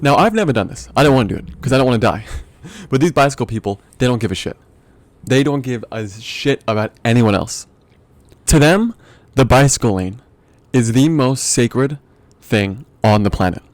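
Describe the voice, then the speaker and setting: Speaking at a normal speed in a mid-range voice, this young man hosts a podcast and delivers an animated, profane comedic rant full of exasperation and frequent laughter. The audio is dry.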